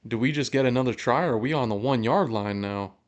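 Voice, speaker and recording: Excitable man reacting live to football. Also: mid-range voice, fast. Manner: excitable, swears, cheers and groans at plays. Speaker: fan podcast host. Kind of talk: live game reaction commentary. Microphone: podcast mic.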